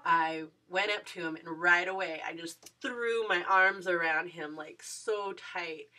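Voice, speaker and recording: A woman's voice: lowish voice, unhurried, bright, forceful tone, far from the mic. A young woman vlogger gushing through a personal story, full of fillers and giggles.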